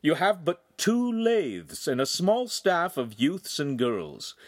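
A man doing a smooth, shrewd courtier. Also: a little high, very animated, takes it slowly, pitched above the performer's own voice. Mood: persuasive.

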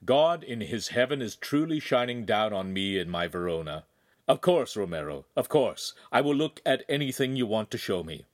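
A shrewd, jovial ruler, voiced by a male reader in an audiobook. He speaks in a grand, measured way. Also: fairly low pitch, sing-song, no echo, clean studio sound. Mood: genial. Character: powerful older male ruler, genial and shrewd. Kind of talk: audiobook character voice.

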